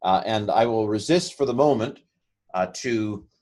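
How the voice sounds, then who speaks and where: A man teaching a casual Hebrew lesson, talking haltingly with many fillers and restarts. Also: fairly low pitch, a little mellow.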